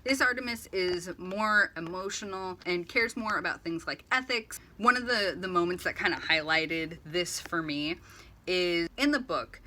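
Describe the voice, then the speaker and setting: Woman, bright forceful tone, lowish pitch, casual rambling commentary, acts out quotes. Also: measured pace, slight background noise. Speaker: video essay host. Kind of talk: casual book-versus-movie commentary.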